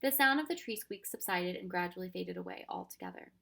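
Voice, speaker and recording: A woman reading a children's storybook aloud with expressive narration. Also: on the low side, fairly quick, vocal fry. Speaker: reader.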